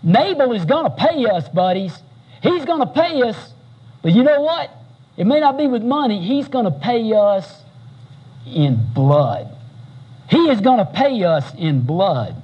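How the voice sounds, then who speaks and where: A man's voice: high voice, lively intonation, unhurried, slightly rough, muffled recording, full character voice. A man preaching who voices an angry warrior leader rallying his men. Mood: furious. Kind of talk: sermon storytelling.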